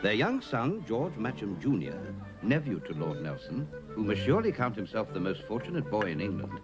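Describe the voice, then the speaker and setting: An actor playing a middle-aged gentleman father in a period film, speaking with dry, understated wit. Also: fairly low pitch, wildly swooping pitch, normal speed. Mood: reading aloud. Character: dry, wry gentleman father, mild-mannered. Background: film score music.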